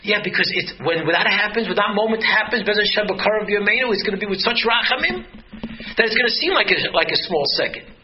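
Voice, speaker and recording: A man's voice: sits high, expressive, fast. A man giving an earnest, emphatic Torah talk, often restarting his sentences. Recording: dull lo-fi sound with faint noise.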